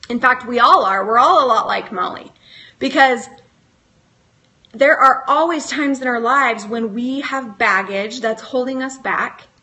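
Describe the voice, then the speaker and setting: A woman's voice: on the high side, sharp tone. A middle-aged woman speaking live as a motivational speaker, asking earnest questions and coaching her listeners along. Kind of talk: live motivational talk to camera.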